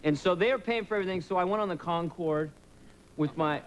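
A male comedian in his thirties telling stories as a talk show guest, jumping into quick voices as he goes. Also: sits high, heavy background noise. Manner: animated storyteller slipping into quick voices. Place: TV studio with audience.

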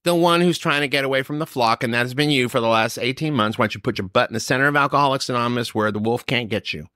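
A man's voice: medium pitch, fast, pushed and bright, no room sound, clean studio sound. A man telling his personal recovery story, acting out the exchanges he quotes. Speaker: recovery speaker.

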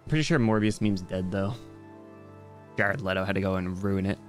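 A young man with a low voice talks fairly quickly as a VTuber streamer, rambling and cracking jokes with his chat while playing a video game. Faint music runs in the background of this casual gaming livestream.

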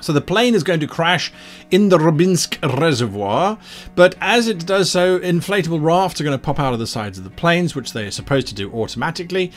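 A man's voice: a little high, animated, brisk, faint music behind. A man, a game master, explaining how he designed a tabletop adventure, rambling with many asides.

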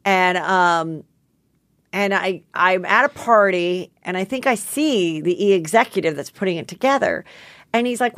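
A woman's voice: lowish voice, measured pace, a bit bright, no room sound. Forties woman host, rambly funny stories, swears a lot, laughs, dry mic sound. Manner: rambling storyteller, swears freely, laughs often. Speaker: podcast host. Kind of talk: casual chat.

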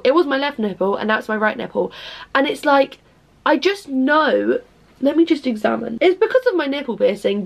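Young english girl vlogging, swears loads, jokey about herself, kinda high voice. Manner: chatty, swears often, self-mocking; bursts into snatches of song. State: tired, low-voiced at night. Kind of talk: casual vlog chat.

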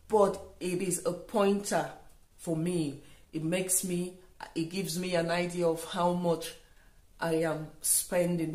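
Slow-talking woman in an echoey room. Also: lowish voice, a little mellow. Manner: unhurried, thinking aloud with frequent ums and restarts. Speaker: vlogger. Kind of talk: casual grocery haul vlog. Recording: echoey room, voice a bit far from mic.

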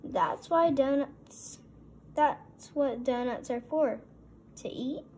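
A woman's voice: sits high, takes it slowly, a little mellow, slight background noise. A woman voicing a sheepish, bumbling grown man who hesitates and stammers.

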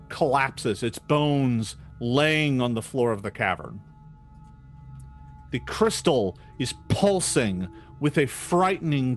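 Man, game master, slow unhurried narration, vivid scene description, faint music behind. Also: on the high side.

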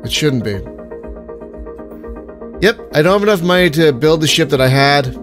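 A man's voice: on the high side, expressive, moderate pace, over music. A sick, tired man swearing and ranting at the game he is playing in a casual commentary. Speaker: let's play gamer.

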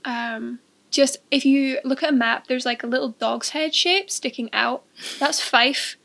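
Dundee-accented young woman co-host, high bright pitch with gravelly fry, matter-of-fact explainer. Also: measured pace. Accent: Scottish, Dundee. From England, raised in Dundee, Scotland. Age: young adult. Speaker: podcast co-host. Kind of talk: casual chat.

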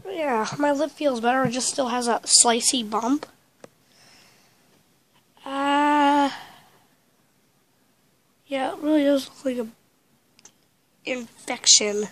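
A woman's voice: sits high, slow pace, pauses often, a little hiss or hum. A woman chatting casually in a vlog, rambling and talking with a stuffy, congested nose from a cold. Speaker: vlogger.

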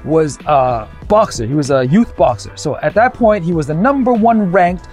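A man's voice: on the high side, moderate pace, faint music behind. A young man from Canada telling a comic story and acting out the people in it. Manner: animated, acts out the people in his stories.

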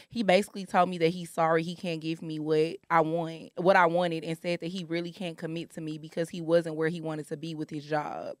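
Woman podcast co-host, low-pitched, blunt and slangy, dry close mic. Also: flat delivery, brisk, few pauses, no room sound. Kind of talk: casual chat, reading a listener email aloud.

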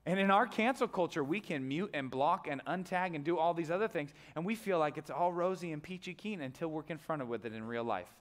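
A male pastor preaching a sermon, telling a story with animated voices and sudden loud, high outbursts. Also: brisk, few pauses. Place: church stage.

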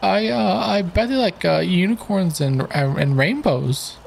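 High, jumpy young male bandmate in a game, put on by a man, gushing and nervous, voice leaps upward. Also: expressive, unhurried, vocal fry, slight background noise, exaggerated voice. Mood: jittery. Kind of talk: game dialogue read aloud.

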